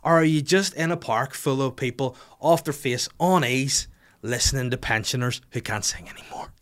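A man's voice: mid-range voice, normal speed, fairly bright tone. A man hosting a podcast, delivering a sardonic, profane comedic rant. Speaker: podcast host.

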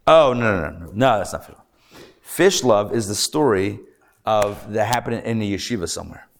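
A rabbi teaching a live class, telling stories in a lively, animated way with playful asides. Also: male voice, fairly low pitch, moderate pace.

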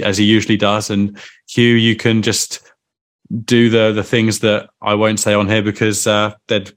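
A man co-hosting a football podcast, joking and rambling in casual chat with friends. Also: on the low side. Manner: jokey, rambling, self-deprecating banter. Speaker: podcast co-host.

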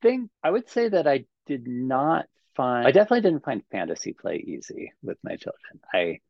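A man's voice: mid-range voice, sing-song, moderate pace, creaky, no echo, highs cut off. A man in his forties, a podcast guest, talking in a thoughtful, hedging way in casual interview chat. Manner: thoughtful, hedging with frequent "I think".

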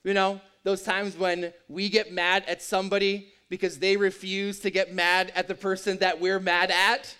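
A man's voice: sits high, level tone, normal speed, hardly any pauses, pushed and bright, clean tone. A man preaching a sermon in a conversational, joking and emphatic way. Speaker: pastor.

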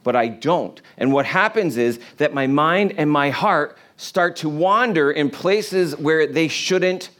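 A man's voice: fairly high pitch, fairly bright tone. A man preaching an informal sermon to a congregation in a room, earnest and conversational, often restarting his phrases. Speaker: pastor.

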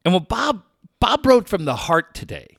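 A man's voice: high-pitched, big pitch swings, moderate pace, vocal fry, a bit bright, dry recording, studio quality. A middle-aged man hosting a sports talk show, telling a profane story with lots of laughter. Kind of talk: casual storytelling chat.

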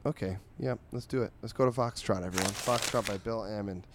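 Recapping comic strips on his podcast, this male host sounds sarcastic and weary, with plenty of ums and little enthusiasm. He talks a little fast, and there's background noise.

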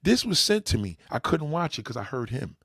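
A man's voice: medium pitch, sing-song, a little fast, a bit bright, dry recording, clean studio sound. A man with a New York accent hosting a livestream, talking emphatically and addressing his viewers directly. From New York City. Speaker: livestream host. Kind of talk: opinionated livestream rant.

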